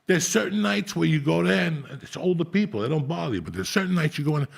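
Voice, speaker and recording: A middle-aged podcast host who tells stories loosely and with plenty of swearing. His voice is very gravelly and husky. His pitch rises and falls widely as he talks. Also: animated, fast talker. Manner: profane, rambling street-style storytelling. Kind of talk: casual storytelling chat.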